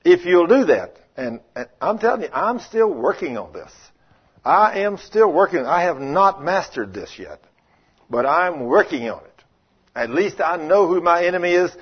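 Here a folksy preacher, male and a little high-pitched with a husky edge, weaves storytelling into his sermon. He imitates the people he quotes, alternating loud rebukes with soft asides, captured in a muffled, lo-fi recording.

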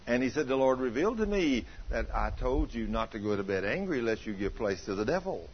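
A male pastor with a drawl delivers a homespun sermon, with a husky, slightly raised voice that swings widely in pitch. He murmurs low and then bursts into excited exclamations as he teases his listeners. The recording from the church is muffled and lo-fi. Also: fairly quick, hardly any pauses. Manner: homespun, teasing the congregation, dropping to a low murmur and rising to excited shouts. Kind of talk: folksy storytelling sermon. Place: church sanctuary.

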